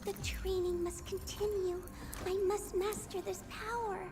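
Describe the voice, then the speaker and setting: A woman voicing a shy, timid young girl in a video game, speaking softly and hesitantly. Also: very high voice, level tone, unhurried. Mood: shy determined. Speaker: game character.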